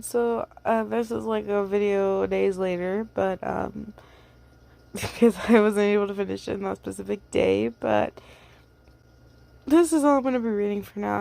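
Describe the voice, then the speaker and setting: A woman's voice: mid-range voice, creaky, a little mellow, dry recording. A young woman who hosts a channel, reading a fan story aloud and then chatting casually, with fillers and light laughs.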